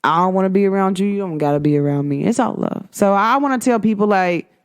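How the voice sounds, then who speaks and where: A young woman hosts her own spiritual show in a relaxed, chatty vlog style. She circles back on her points over and over and keeps calling out to her viewers as she delivers the week's energy read. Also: medium pitch, fast, clear, resonant tone. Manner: chatty, repetitive, emphatic with frequent "like" and "guys". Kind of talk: casual spiritual vlog talk.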